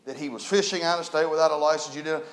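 A man preaching a folksy storytelling sermon, animated and building to emphatic preaching. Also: a little high, fast talker. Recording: echoey room.

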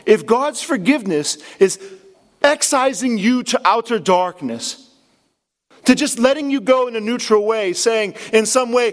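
A man preaching a sermon in an earnest, impassioned way, with dramatic pauses. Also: very high voice, animated. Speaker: pastor.

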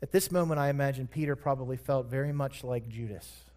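A man preaching a sermon, retelling a scripture story with emphatic, drawn-out words. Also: medium pitch, a little mellow.

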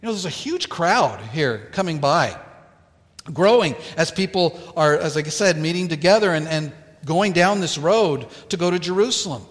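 A man preaching a sermon, telling a Bible story in a slow, deliberate way with dramatic pauses. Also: a little high, lively intonation, long reverb tail. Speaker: pastor.

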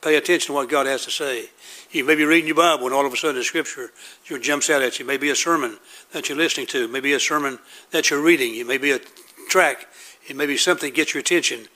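A man's voice: medium pitch, quick pace, bright, forceful tone. A man preaching a sermon, earnest and repetitive, asking questions and answering them himself.

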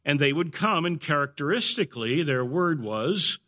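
Guy teaching a bible study, calm explaining tone, voice a bit on the high side. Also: a little slow. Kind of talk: evening Bible study lecture.

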